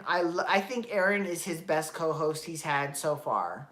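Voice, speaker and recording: A woman's voice: deep voice, lively intonation, normal speed, a bit bright. A woman hosting her own show, talking alone in a chatty, rambling way, swearing freely and correcting herself as she goes. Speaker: podcast host. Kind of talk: casual solo commentary.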